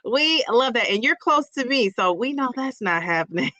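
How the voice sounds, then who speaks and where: A woman's voice: fairly high pitch, animated, normal speed, pushed and bright, dry recording. A middle-aged woman hosting a casual livestream, greeting viewers by name in a bubbly, playful way and laughing at her own jokes.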